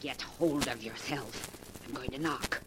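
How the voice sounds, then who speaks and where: Woman doing a scheming young lady, snappy and bossy, old-time radio play, lowish voice. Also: expressive, heavy background noise, close to an everyday voice. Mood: hushed commanding. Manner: sharp, imperious, quick to scorn. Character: scheming young woman, ruthless ex-stage actress. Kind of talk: 1940s radio acting.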